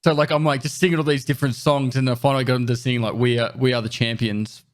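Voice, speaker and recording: A man who is a guest on a podcast, telling gaming stories in lively, animated casual chat. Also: mid-range voice, fast.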